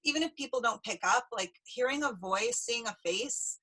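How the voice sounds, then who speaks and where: Bright, high-voiced woman host. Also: lively intonation, moderate pace, slightly rough, poor audio. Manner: reflective and earnest, lots of "like". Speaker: podcast host. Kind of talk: conversational interview.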